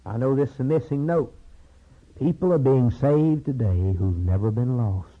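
A man preaching a sermon in a repetitive cadence, swinging between low murmurs and high, urgent cries. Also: moderate pace. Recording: dull lo-fi sermon recording.

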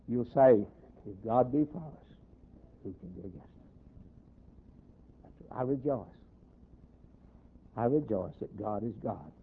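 A man's voice: mid-range voice, husky. Man preaching on a tinny recording. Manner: preaches in waves, swelling loud then dropping to a near hush; quotes scripture in old-fashioned wording. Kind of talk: sermon.

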